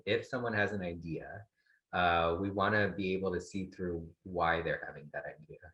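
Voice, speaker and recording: A man with a very low voice gives family advice as an expert in an online talk, pausing often and restarting his thoughts. The sound is dull and lo-fi. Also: a bit bright. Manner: thoughtful, halting with many fillers. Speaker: psychologist guest expert.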